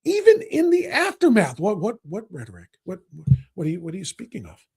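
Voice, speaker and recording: A male talk show host in full rant, firing off angry political commentary. He mocks and sneers, and often lifts into a shout. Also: high-pitched, huge pitch swings, a little fast, slightly rough. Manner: ranting, angry, bursts into shouting; sarcastic, mocking.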